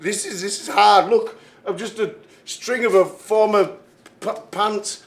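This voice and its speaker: A man with a fairly high voice talks in an emotional wrestling promo. He whines and stammers, sounding close to tears. His lines trip over each other as he repeats himself. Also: fairly even intonation, measured pace. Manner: whiny, tearful, stammering. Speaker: wrestler giving a backstage promo.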